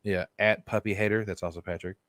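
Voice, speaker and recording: A man's voice: on the low side, steady tone, a bit bright, no room sound, clean studio sound. A man co-hosting a comedy podcast, teasing his co-host and riffing on stories in casual chat. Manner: joking, teasing, fast riffing.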